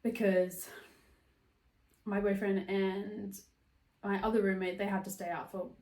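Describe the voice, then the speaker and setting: A woman's voice: medium pitch, little pitch movement, measured pace, darkish tone, recorded from a distance. A young adult woman telling a story in casual podcast chat, chatty and swearing freely. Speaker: podcast host. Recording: roomy echo.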